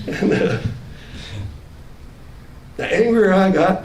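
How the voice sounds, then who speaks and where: A man's voice: on the high side, big pitch swings, normal speed, creaky. A man telling the story of his own near-death experience, often quoting himself with rising anger. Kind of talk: personal storytelling in an archival clip. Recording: roomy, distant, faintly noisy clip.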